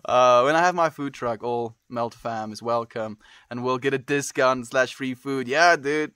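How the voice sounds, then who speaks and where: A man's voice: medium pitch, steady tone, normal speed, pushed and bright, clean tone, no room sound. Chill guy streamer reading chat, says dude a lot, dead dry room. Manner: laid-back, calls people dude and friend. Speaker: livestreamer. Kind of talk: casual chat reading viewer messages.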